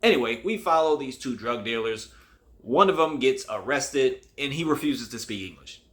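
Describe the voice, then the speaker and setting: A man's voice: medium pitch, lively intonation, normal speed, fairly bright tone. A man hosting his own show, giving a casual movie review in a rambling, conversational way with many restarts. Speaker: host.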